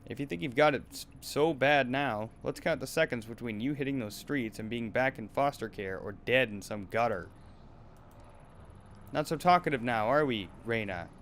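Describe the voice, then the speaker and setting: A bullying, abusive talent manager from a game, berating and menacing, as a man voices him. His voice sits at an ordinary middle pitch. A faint noise runs underneath. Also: normal speed, a bit bright, close to an everyday voice. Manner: berating, menacing, then wheedling.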